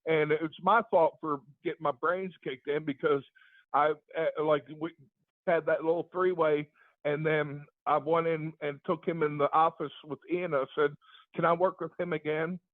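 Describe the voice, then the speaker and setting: A man's voice: a little high, steady tone, moderate pace, no echo. A man guesting on a podcast, telling stories in a laid-back way, swearing freely and checking in with "right?". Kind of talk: casual storytelling. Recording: tinny phone-like line.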